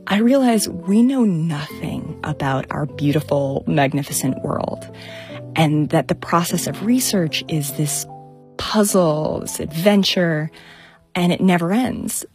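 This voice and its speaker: Woman scientist, young adult, low voice, enthusiastic storyteller, soft music under. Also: slow. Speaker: scientist telling her story. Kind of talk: storytelling talk.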